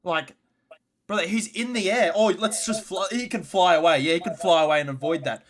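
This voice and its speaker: A man co-hosting a casual sports podcast, fired up and swearing as he rants, swinging between loud and quiet. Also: high-pitched, fairly quick. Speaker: podcast co-host.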